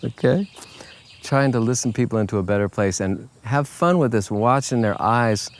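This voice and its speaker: A man speaks in an easygoing, folksy way, coaching his listeners in a casual talk. His voice sits in a middle register, and he keeps checking in with a friendly "okay?" He lifts his voice brightly whenever he plays out a conversation. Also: normal speed, slight background noise. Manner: relaxed, folksy, peppered with "okay?" and "you know"; acts out quoted voices in a higher pitch. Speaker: life coach. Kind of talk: casual motivational talk to camera.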